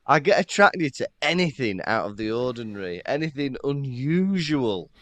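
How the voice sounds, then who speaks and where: A man chatting on a podcast, with a lively, wide-ranging pitch and frequent laughter. His voice sits at an ordinary male pitch and sounds close and dry. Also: moderate pace, no echo. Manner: lively and laughing, animated storytelling. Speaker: podcast co-host. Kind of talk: casual chat.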